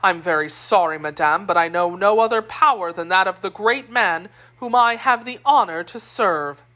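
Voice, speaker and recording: A woman's voice: fairly low pitch, normal speed, pushed and bright. A woman voicing a self-important, timid middle-aged male mercer in an audiobook reading, proud and defensive. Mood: pompous.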